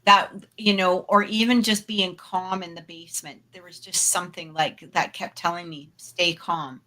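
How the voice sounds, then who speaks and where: A woman's voice: fairly low pitch, steady tone, moderate pace, pushed and bright. A woman co-hosting a paranormal talk show, casually telling a personal story with lots of fillers and asides. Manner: chatty, full of fillers and asides; laughs readily while telling. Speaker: podcast co-host.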